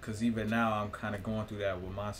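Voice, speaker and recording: A vlogger with a lowish, slightly bright voice talks fast with little pitch movement. On his own channel he rambles casually and profanely to camera, laughing often and directing questions at viewers.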